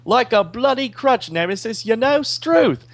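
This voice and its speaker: A man voicing a brash rowdy Australian crook in a poorly done, fake Australian accent, with a loud, drawling, mock-tough delivery. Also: very high-pitched, animated, measured pace, no echo, voice pushed up, exaggerated voice. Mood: griping.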